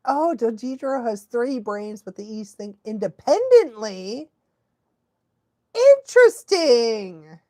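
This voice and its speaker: A woman dog trainer chats her way through a live watch-along stream, laughing often and slipping into baby talk for a dog. Her voice sits a little high and swings widely, while her pace stays slow and easy. The sound is close and dry. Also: expressive, warm tone, no room sound. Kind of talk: casual live-stream chat.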